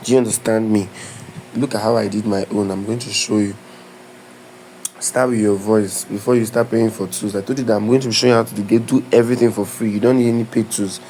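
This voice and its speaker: A man's voice: fairly low pitch, steady tone, fairly quick, mellow, a little hiss or hum, low-quality recording. A man giving a live step-by-step tutorial, talking loosely and often stopping to ask if you understand. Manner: instructive, keeps asking "do you understand?"; loose, repeats and restarts phrases. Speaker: tutorial creator. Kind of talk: live screen-share tutorial.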